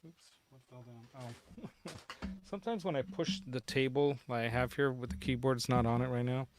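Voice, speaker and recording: A man's voice: medium pitch, normal speed. Rambling, chuckling man hosting a stream. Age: middle-aged. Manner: rambling, chuckling, lots of fillers. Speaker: show host. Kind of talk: casual livestream chat.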